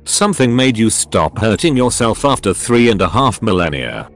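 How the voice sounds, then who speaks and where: A man's voice: fairly low pitch, big pitch swings, moderate pace. A synthetic male voice reading the part of an angry, hurt young woman confronting her father. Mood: bitter.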